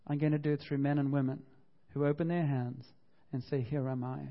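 A man's voice: medium pitch, little pitch movement, fairly quick, highs cut off. A man preaching a sermon with passion, often repeating himself and acting out the quotes he tells. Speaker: pastor.

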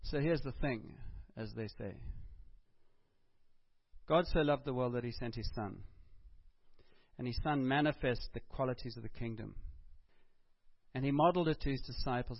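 A man preaching a sermon to a congregation in a church hall, conversational and animated, bantering with the crowd. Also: mid-range voice, lo-fi sound. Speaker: pastor.

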